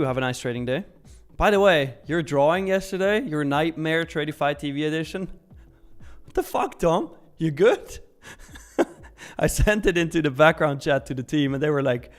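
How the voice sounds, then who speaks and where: A young man hosting a live stream, casually reading viewer messages aloud and answering them. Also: a little high. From Switzerland. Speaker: live-stream trading host.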